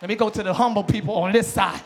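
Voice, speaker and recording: A male pastor preaching a live church sermon, exhorting and shouting to the congregation, then dropping into quieter conversational asides. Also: high-pitched, fast talker, creaky. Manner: drops to a quiet conversational tone between shouted passages. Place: church sanctuary.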